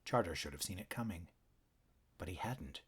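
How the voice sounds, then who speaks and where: A man narrating an animal fantasy audiobook in a measured, dramatic storytelling manner. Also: low-pitched, lively intonation, husky.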